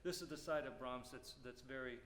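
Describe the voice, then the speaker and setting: A man teaching a music clinic, explaining phrasing and singing rhythms aloud with lively syllables. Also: medium pitch, fairly quick. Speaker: percussion clinician. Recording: roomy hall reverb, faint noise.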